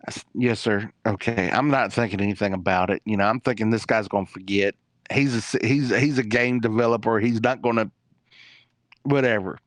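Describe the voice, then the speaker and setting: A man's voice: medium pitch, fairly bright tone, no room sound. A man telling a long story in a casual, rambling way, full of fillers and restarts.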